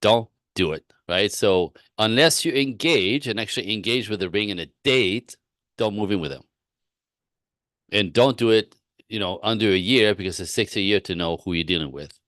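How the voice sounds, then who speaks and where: Blunt relationship coach guy, really low voice, dry close sound, keeps repeating his point. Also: moderate pace, a bit bright, dry recording. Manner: blunt, emphatic, repeats himself; acts out both sides of dialogue. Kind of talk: live-stream advice talk.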